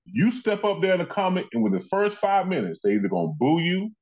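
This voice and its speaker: A man's voice: high-pitched, quick pace, lo-fi sound. A man who is a comedian and actor, telling stories as a guest in an interview and acting out the people he quotes. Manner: animated, acts out quoted people in his stories. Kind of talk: conversational storytelling in an interview.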